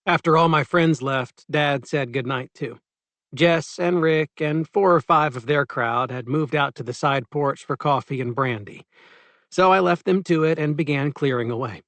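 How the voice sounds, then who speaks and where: Guy narrating an audiobook short story, first person, steady, bit high voice, dry close mic. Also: no room sound.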